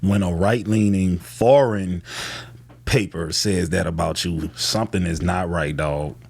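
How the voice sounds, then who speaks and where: A man's voice: low voice, steady tone, a little slow, vocal fry, slightly rough. A man giving casual reaction commentary between clips, with blunt, slangy asides.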